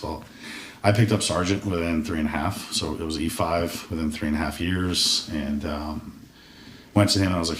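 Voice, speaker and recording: Man, 40s, veteran podcast guest, casual profane storytelling, deep voice, roomy distant mic. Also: steady tone, fast talker, fairly bright tone. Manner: candid, profane, acts out his past thoughts in quoted asides. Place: podcast studio room. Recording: roomy sound from a distant mic with faint noise.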